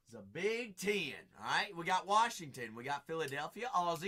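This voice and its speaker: An American man hosts a live card break with a bright, forceful voice. His pitch sits a bit high. He keeps up a chatty, repetitive hype patter and talks to viewers by name. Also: very animated, moderate pace, few pauses. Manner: upbeat hype, repeating phrases, chatting with viewers. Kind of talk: live-stream sales patter.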